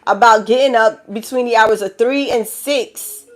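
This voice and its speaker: At a measured pace and with a somewhat high voice, she reads tarot for a collective audience in her New York accent. The Bronx native is blunt and profane, laughing while she preaches and addressing viewers as child and baby.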